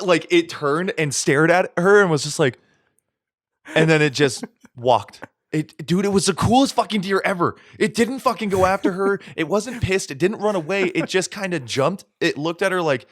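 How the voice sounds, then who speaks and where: A man co-hosting a podcast, telling a casual, animated story with plenty of swearing. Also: fairly high pitch, normal speed, no echo, clean studio sound. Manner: animated, profane, acts out voices in stories. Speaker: podcast co-host.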